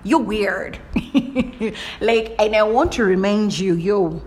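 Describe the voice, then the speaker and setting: Speaking slowly in a mid-range, darkish voice, a young woman hosts a casual podcast monologue. She's blunt and lively, restarting her sentences often and dropping in playful exclamations.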